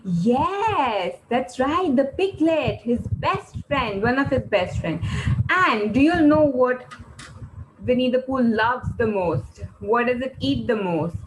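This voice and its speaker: A woman teaching an online class for young children, asking quiz questions in an animated, sing-song way and praising often. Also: on the high side, slow, a little hiss or hum, rough recording.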